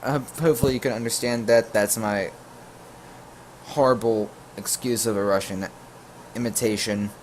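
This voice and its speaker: A man casually telling a storytime tale to his viewers, full of jokey asides and quick self-corrections. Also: lowish voice, steady tone, a little hiss or hum. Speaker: YouTube storyteller.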